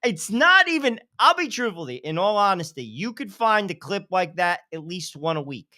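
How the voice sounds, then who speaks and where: A man's voice: sits high, moderate pace. A man co-hosting a talk show, chatting casually with incredulous remarks. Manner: lively, incredulous, laughing asides. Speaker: co-host.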